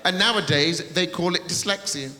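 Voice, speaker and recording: A man's voice: high voice, moderate pace. A middle-aged man performing stand-up comedy on stage, playful and mocking. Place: theatre stage. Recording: echoey hall with crowd noise. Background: audience laughter.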